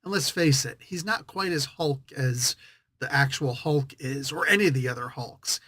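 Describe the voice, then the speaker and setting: A man's voice: medium pitch, moderate pace, bright, forceful tone, no echo. A man hosting a casual comic book review, rambling and correcting himself as he thinks aloud.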